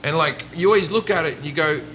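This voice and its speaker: With a fairly high pitch, quick pace, and sharp tone, an Australian comedian guest swaps stories in a casual chat, swearing and doing impressions of people. A little hiss or hum is audible.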